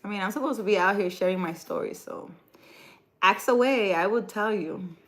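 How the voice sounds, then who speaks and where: A woman chatting live with her viewers in a loose, conversational way. She jokes and teases in one breath and lectures with earnest conviction in the next. Her pitch sits right in the middle, neither high nor low. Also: moderate pace, low-quality recording. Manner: playful and teasing, then earnest and instructive. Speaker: livestream spiritual advisor. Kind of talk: casual livestream chat reading viewer comments.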